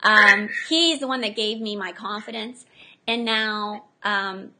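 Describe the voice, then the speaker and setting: A middle-aged woman, an entrepreneur guest in a casual interview, telling lively stories and acting out what people said. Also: medium pitch, slow pace. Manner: animated storyteller, acts out quotes.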